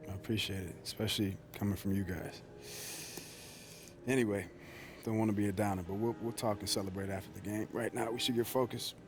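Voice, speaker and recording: Casting: male actor as young basketball pro, low and reflective, soft-spoken. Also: fairly even intonation, brisk, background noise, lightly acted. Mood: resolved. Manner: subdued, reflective. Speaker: basketball player. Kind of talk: video game cutscene dialogue. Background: music.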